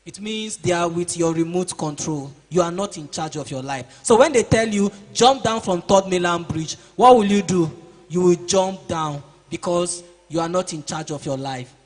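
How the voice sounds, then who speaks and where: A man's voice: sits high, moderate pace, faint music behind. A man giving a motivational seminar to boys, preaching, asking the class questions and acting out their excuses. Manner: preachy, asks the audience questions and acts out excuses. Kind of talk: motivational talk to teenagers. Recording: reverberant hall.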